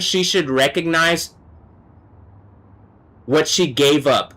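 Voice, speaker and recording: A man delivers a live-stream monologue in a bright, forward tone that sits a little high for a man. His agitated, profane rant slides between low muttering and raised yelling. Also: steady tone, slow pace, long pauses. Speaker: livestreamer.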